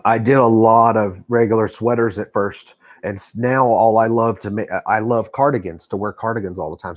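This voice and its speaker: Texan man, folksy rambling live-stream host, lowish pitch, dry close sound. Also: dry recording. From Texas. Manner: rambling, folksy, many fillers and restarts. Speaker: knitting vlogger. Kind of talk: casual live-stream chat. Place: home living room.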